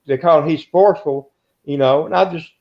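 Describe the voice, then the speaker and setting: An older man in an interview, telling rambling stories in a gruff, self-interrupting way. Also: a little high, a little fast. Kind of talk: casual storytelling. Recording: dull lo-fi recording.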